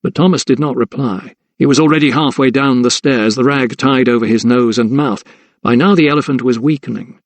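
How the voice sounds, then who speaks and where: A man narrating a historical mystery audiobook in a measured, suspenseful reading. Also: mid-range voice, dry recording. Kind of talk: scripted narration.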